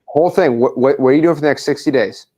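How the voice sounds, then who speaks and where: A young man coaching a caller on a call, pushy and repeating lines slowly word by word. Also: medium pitch, darkish tone. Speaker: wholesaling coach.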